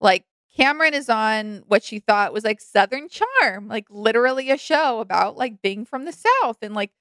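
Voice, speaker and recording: A young woman co-hosting a casual chat, animated and laughing as she acts out quotes. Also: fairly high pitch, moderate pace, dry recording, studio quality. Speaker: podcast co-host.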